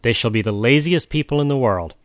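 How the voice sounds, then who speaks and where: A man's voice: mid-range voice, animated, fairly quick, dry recording, clean studio sound, close to an everyday voice. A man voicing a stern, commanding old male magician in a storybook reading, who hands down decrees.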